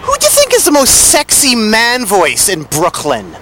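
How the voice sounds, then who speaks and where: Male interviewer, high sharp voice, animated and playful, light traffic hum behind. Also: normal speed. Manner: jokey, animated questioning.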